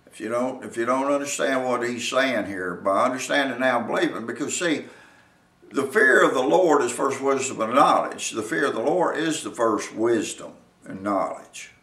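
A man preaching a sermon, slow and repetitive, calling out to his listeners and building from quiet to emphatic. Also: mid-range voice, lively intonation. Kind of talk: sermon teaching. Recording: roomy echo, distant from mic.

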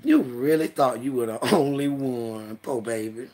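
A woman vlogger in a heated trash-talk monologue, brash and profane, mocking and laughing as she goes, dropping to low mutters and then bursting out loud. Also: unhurried. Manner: mocking, laughs through her words.

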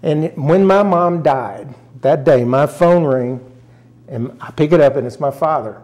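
A man's voice: fairly high pitch, a little slow, a little mellow. An older man from rural Arkansas sits as an interview guest and tells a personal family story. He speaks earnestly and emotionally, and his voice catches as he goes. He acts out what his relatives said along the way.

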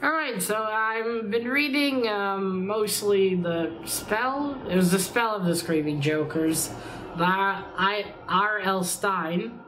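A woman's voice: mid-range voice, takes it slowly, a bit bright, a little hiss or hum. A young adult woman chatting casually in a reading vlog, rambling and swearing lightly, with a slight cold. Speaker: book vlogger.

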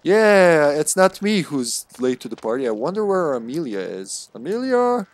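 A man giving live commentary while he plays a game, excitable and joking, swearing freely and calling out to his teammates. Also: a little high, normal speed. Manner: jokey, laughs often. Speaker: streamer.

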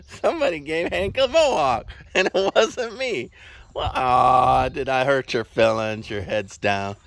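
A man's voice: medium pitch, expressive, unhurried, creaky, a bit bright, no echo. A man casually vlogging outdoors on his ranch, rambling in a folksy way as he walks the land and chats to his horse. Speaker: farm vlogger. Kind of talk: casual walk-and-talk vlog. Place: outdoors on a ranch in a wet meadow.

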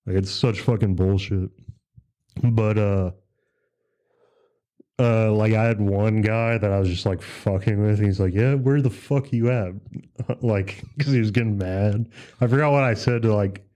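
A man's voice: on the low side, fairly even intonation, unhurried, warm tone. A man on a podcast, talking in a laid-back, rambling way with lots of fillers and swearing. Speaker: podcast host. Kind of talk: casual chat.

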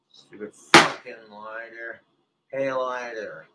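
A live streamer swearing and shouting at objects in fits of rage, muttering bitterly between outbursts. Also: male voice, mid-range voice, slow pace, heavy background noise. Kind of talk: angry solo rant on stream.

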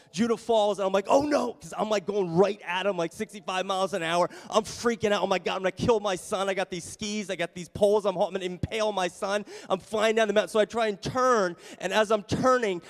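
Pastor, man, high voice, sermon delivered as an animated, self-deprecating story; long church reverb. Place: church sanctuary.

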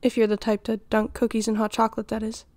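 A woman's fairly high, monotone voice, a little mellow and without echo, voices a doting, flirty middle-aged mother in an audio role-play. The acting is light as she nurtures and teases, breaking into giggles and flustered pauses.

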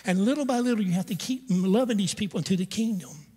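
In a church sanctuary, a male pastor delivers a humorous, conversational storytelling sermon, turning aside now and then to address the congregation. His high voice is animated, quick, a little mellow and slightly rough, and long church-hall reverb fills the recording.

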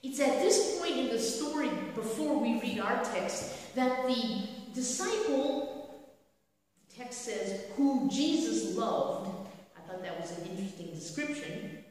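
Woman preacher, sermon, rhetorical questions, lively rising and falling voice, long church reverb, distant mic. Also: a little high, measured pace. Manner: storytelling with frequent rhetorical questions. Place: church sanctuary. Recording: echoey hall from a distant mic.

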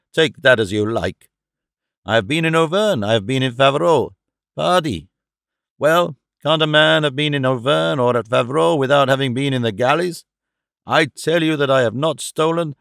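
Guy reading old tramp prisoner, grumbly rambling protest, gravelly, dry sound. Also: mid-range voice, a bit bright, no echo. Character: bewildered old male vagrant prisoner, rough and defiant. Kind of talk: audiobook character reading.

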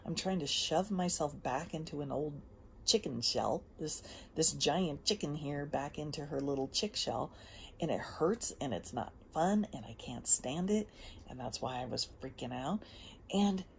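Low gravelly woman, casual motivational talk. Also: animated, measured pace, a little hiss or hum. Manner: emphatic, drifts between soft whispers and bursts. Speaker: host. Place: outdoors.

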